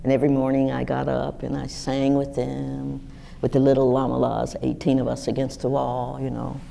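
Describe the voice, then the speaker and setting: Gravelly low-voiced woman in her 60s. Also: moderate pace. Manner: lively, animated storytelling with wide pitch swings. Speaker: guest speaker. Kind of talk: storytelling talk to a live audience.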